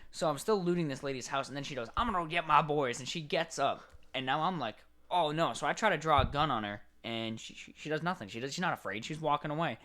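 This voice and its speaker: A young man co-hosting a casual podcast, telling game stories with lively acted-out voices. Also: fairly high pitch, fast talker. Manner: animated storyteller, acts out game characters. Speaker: podcast co-host. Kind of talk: casual chat.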